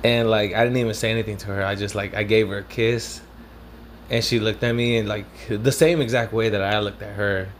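A young man from Southern California tells a story in a loose, rambling way, full of swearing and Spanish slang words. His voice sits a little low. A faint background noise can be heard behind him. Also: steady tone, fairly quick. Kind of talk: casual storytelling.

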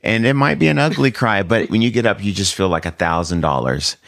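A man's voice: lowish voice, fairly quick, creaky, fairly bright tone, no room sound, studio quality. A male pastor, a guest on the show, telling his testimony in a rambling, conversational way with lots of fillers. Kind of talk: storytelling testimony in casual chat.

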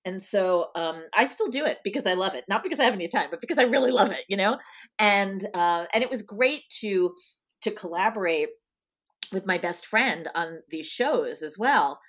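A middle-aged woman from Long Island, New York, an author, is a guest in a casual interview. She speaks at normal speed in a mid-range, fairly bright voice with lively intonation, chatting with plenty of ums and you-knows.

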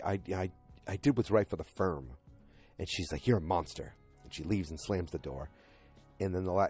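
A man's voice: deep voice, a little mellow, slightly rough. A man hosting a casual podcast recap of a TV episode, retelling scenes in a rambling way full of fillers and "he's like" quotes.

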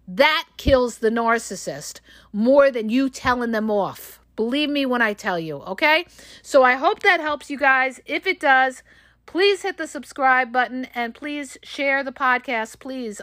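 A woman's voice: on the high side, expressive, measured pace, a bit bright, no room sound, clean studio sound. A woman hosting a solo advice podcast as a relationship coach, talking directly and emphatically to her listeners and often checking in with "okay?".

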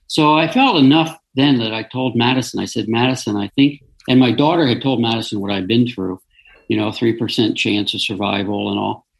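A middle-aged man with a gravelly, rough-edged voice at an ordinary pitch, telling a personal story as an interview guest. He speaks earnestly and haltingly, often stopping to restart his sentences. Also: poor audio.

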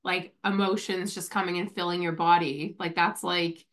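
A woman's voice: on the low side, flat delivery, normal speed, a bit bright. A woman hosting a podcast in casual chat, talking with lots of filler words while coming down with a cold. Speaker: podcast host.

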